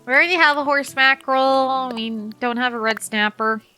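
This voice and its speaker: A woman streamer chatting casually while playing a game, telling animated stories and swearing freely. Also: sits high, moderate pace, over music.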